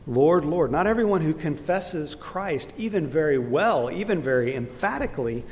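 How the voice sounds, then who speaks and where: A man teaching a Bible study lesson in an earnest, explanatory way, pausing with fillers and restarts. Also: lively intonation. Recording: echoey hall with faint rumble.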